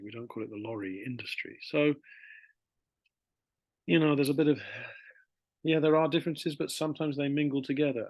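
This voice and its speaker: A man explaining spelling and vocabulary differences in a chatty, rambling lesson, slowing down to spell words out. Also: mid-range voice, husky, dry recording. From Britain. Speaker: English teacher. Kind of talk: casual classroom explanation.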